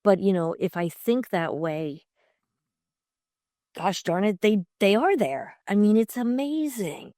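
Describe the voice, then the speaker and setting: A woman's voice: mid-range voice, expressive, takes it slowly, dark tone, no room sound, clean studio sound. A middle-aged woman from Long Island, a podcast guest talking in an enthusiastic, chatty way with many fillers. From Long Island, New York. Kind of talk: conversational interview.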